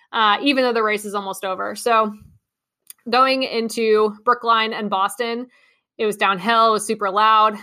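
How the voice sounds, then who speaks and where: A young adult woman hosting a podcast, telling a story in a chatty, excitable way with many ums and likes. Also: mid-range voice. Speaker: podcast host. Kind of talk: casual monologue recap.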